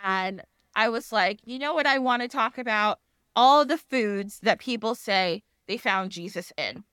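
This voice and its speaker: A woman hosts a podcast, chatting casually and rambling, laughing often as she acts out other people's voices. Her mid-range voice is a bit bright and measured in pace, with a clean, studio-quality tone and no room sound.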